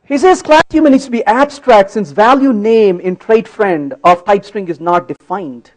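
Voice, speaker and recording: A man's voice: high-pitched, normal speed, a little mellow, rough recording. A man giving a conference talk while live-coding, playful and teasing with the audience, often checking that they follow. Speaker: conference speaker. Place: conference hall.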